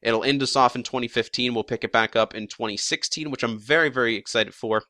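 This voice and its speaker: A man's voice: mid-range voice, fast, sharp tone, dry recording, studio quality. A young man talking casually about episode predictions, rambling with lots of fillers, restarts and the odd swear word. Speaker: YouTube show commentator.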